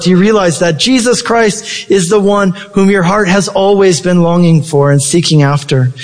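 A man preaching a sermon with passion, his voice leaping up for emphasis. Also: big-room sound. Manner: impassioned preaching with sudden high-pitched emphasis. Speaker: pastor.

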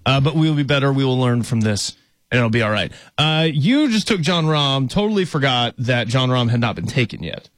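Self-mocking sports radio host, dry studio sound. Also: male voice, medium pitch, expressive, brisk, fairly bright tone, no room sound. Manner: loose, self-deprecating, laughs easily. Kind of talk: casual sports radio banter.

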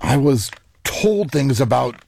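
A man's voice: medium pitch, very animated, slow, vocal fry, a little mellow. A man narrating as a weary king. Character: weary new king with a wound. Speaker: narrator and lead character. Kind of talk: first-person radio drama narration.

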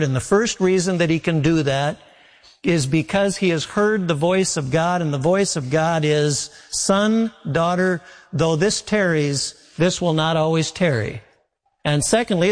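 Folksy preacher in a reverberant hall. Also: male voice, fairly high pitch. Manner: folksy storytelling, repeats phrases for emphasis. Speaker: pastor. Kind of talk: sermon. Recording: long reverb of a large hall.

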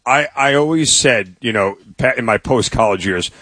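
A man's voice: medium pitch, moderate pace, pushed and bright, no room sound. A man co-hosting a sports radio show, telling stories casually and checking for agreement as he goes. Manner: storytelling, asks for agreement with "right?". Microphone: studio microphone.

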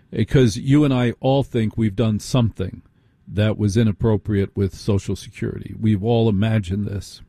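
Husky-voiced late-night radio host. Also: male voice, fairly low pitch, fairly even intonation, normal speed, dark tone, no room sound. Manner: conversational, repeats phrases for emphasis, asks listeners rhetorical questions. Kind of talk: radio monologue. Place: radio studio.

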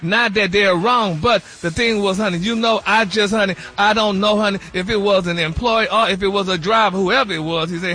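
A man's voice: high-pitched, a little fast, few pauses, pushed and bright, husky, soft background music. A man delivering celebrity gossip on a radio morning show in a flamboyant, sassy manner, calling everyone honey. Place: radio studio.

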